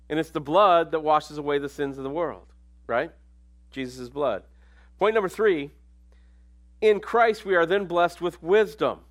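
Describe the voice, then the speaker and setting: Guy preaching a sermon, kinda higher voice, chatty, goes quiet then punches it up. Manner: conversational, swings between quiet asides and emphatic raised lines.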